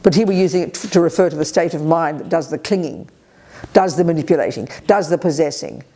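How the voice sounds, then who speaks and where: Energetic older woman, Dharma teacher, blunt and lively, warm low tone. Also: fairly quick. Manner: energetic, direct, lively emphasis. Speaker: Buddhist teacher leading a retreat. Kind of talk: Dharma teaching with audience questions. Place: retreat hall.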